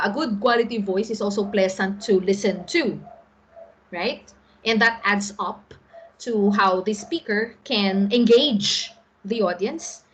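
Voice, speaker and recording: A woman's voice: medium pitch, fairly bright tone, breathy edge, rough recording. A middle-aged Filipino woman teaching an online class, explaining patiently and often checking in with the students.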